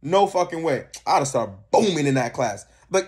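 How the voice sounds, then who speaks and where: A man's voice: a little high, animated, normal speed. A young man co-hosting a reaction video, ranting in heated, profane casual commentary.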